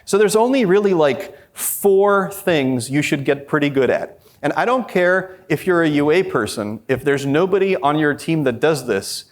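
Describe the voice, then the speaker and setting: A man's voice: on the high side, expressive, normal speed, few pauses. A man presenting a conference workshop, talking energetically and addressing the audience directly. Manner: quotes imagined people in a raised voice.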